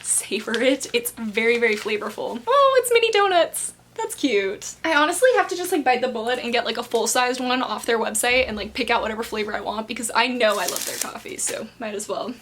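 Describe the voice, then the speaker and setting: A woman in her twenties chatting casually while unboxing book subscription boxes, rambling with lots of fillers and bursts of excitement. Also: fairly high pitch, fairly quick, hardly any pauses, a little hiss or hum.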